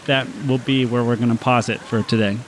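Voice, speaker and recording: A man narrating as game master in a tabletop game, relaxed and quick to laugh at himself. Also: medium pitch, noisy background.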